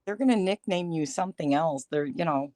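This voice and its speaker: This livestream guest talks fast in a low, dark voice, chatting casually and wandering around her topic with lots of fillers. She's a chatty commentator who drifts as she goes. The audio is dry and studio-clean.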